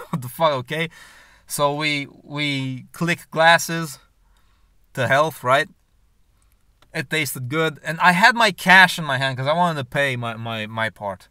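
A man's voice: medium pitch, measured pace, sharp tone, clear, resonant tone, dry recording. A young man telling a story in a casual, rambling and crude way, mocking himself.

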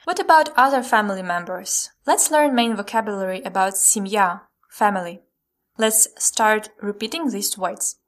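A woman hosting a podcast language lesson, saying words slowly and repeating them for learners. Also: fairly high pitch. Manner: slow, careful repetition of words for learners. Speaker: language teacher and podcast host.

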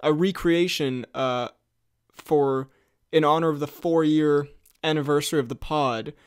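A man's voice: fairly high pitch, measured pace, smooth. A man hosting a podcast in casual chat, talking loosely and laughing often between remarks. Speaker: podcast host.

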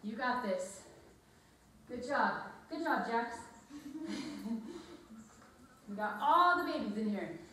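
A woman's voice: a little high, animated, measured pace, sharp tone, a little hiss or hum. A woman fitness instructor coaching a home workout class, upbeat and encouraging, counting reps aloud and a little out of breath. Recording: echoey room, mic far off.

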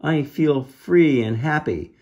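A man's voice: a little high, slow pace, warm tone, lo-fi sound, pitched above the performer's own voice. A man doing a defiant young boy sorcerer. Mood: joyful.

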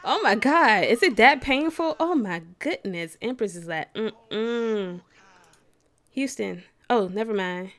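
A young woman in her twenties giving casual let's play commentary, excitable and gasping in disbelief. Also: a little high, normal speed, hardly any pauses. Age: 20s. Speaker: gaming YouTuber.

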